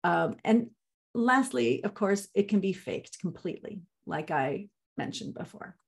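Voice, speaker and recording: A woman in her fifties teaches a seminar and drifts into a personal story along the way. Her voice sits at a middle pitch. She sounds eager and warm about her material, and her speech is full of ums and restarts. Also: sing-song, measured pace, creaky, breathy edge. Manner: enthusiastic storyteller, frequent ums. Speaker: Jewish educator.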